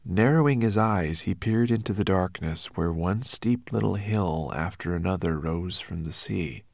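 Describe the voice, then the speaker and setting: Low-voiced man reading a storybook. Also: moderate pace, gravelly, no room sound, studio quality. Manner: expressive storytelling. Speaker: narrator. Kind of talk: audiobook narration.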